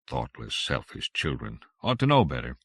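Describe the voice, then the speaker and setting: Cross older husband, voiced by a male narrator; gravelly grumble, dry read. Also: a bass voice, huge pitch swings, moderate pace, a bit bright, no echo, full character voice. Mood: grumbling. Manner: grumbling and irritable.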